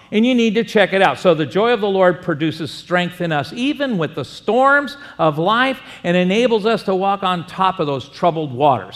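A man preaching a sermon as pastor, lively and joking, acting out short exchanges with his congregation. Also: high voice. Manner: animated preaching, acts out little dialogues and jokes. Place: church sanctuary. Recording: long hall reverb.

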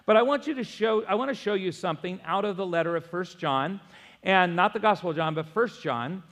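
A middle-aged man preaches in a church sanctuary. His voice sits high, and he tells stories in an animated way, calling on the congregation to repeat after him. A long hall reverb trails behind every phrase. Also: fairly quick. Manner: animated storytelling with audience call-and-response. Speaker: pastor. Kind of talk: sermon.

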